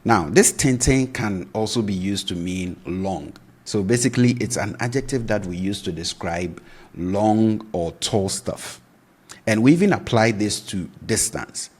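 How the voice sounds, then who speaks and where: Brief: male language tutor, low husky voice, patient, repeats each word for the learner. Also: a little slow. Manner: patient, repeats words to drill pronunciation. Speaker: language teacher. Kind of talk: video lesson explanation.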